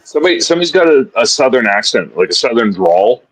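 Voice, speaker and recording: Chatty excitable man, dry close sound. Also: medium pitch, fast talker, dry recording. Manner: excitable, chatty, laughs often. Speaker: co-host of betting show. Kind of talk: casual live betting chat.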